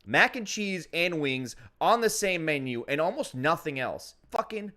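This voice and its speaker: A man's voice: a little high, expressive, measured pace, bright, forceful tone. A man co-hosting a fan call-in podcast, brash and emphatic, swearing often while reading sponsor plugs. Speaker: podcast co-host. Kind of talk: loud casual podcast banter with sponsor reads.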